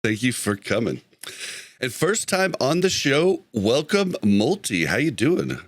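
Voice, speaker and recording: A man's voice: medium pitch, very animated, a little slow, dry recording. Laid-back male podcast host, dry sound. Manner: laughs often, loose and self-correcting. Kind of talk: casual podcast chat.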